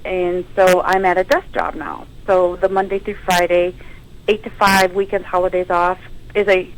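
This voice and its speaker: A woman's voice: on the low side, normal speed, low-quality recording. A woman in her thirties, a firefighter and paramedic, telling her story as a guest in a radio interview. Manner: storytelling, emotional, animated quotes.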